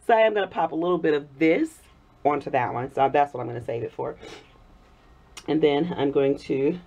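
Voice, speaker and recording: A woman vlogger chatting casually while making soap, her voice hoarse from a cold. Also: sits low, brisk. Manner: chatty, warm thanks to viewers, frequent laughs. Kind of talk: casual chat while crafting. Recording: dull lo-fi recording.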